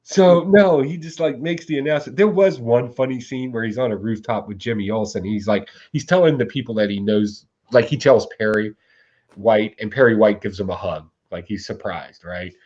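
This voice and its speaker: A man co-hosting a casual comics podcast, telling animated stories and acting out the quotes, laughing often. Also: mid-range voice, normal speed, muffled recording. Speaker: podcast co-host. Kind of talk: casual chat.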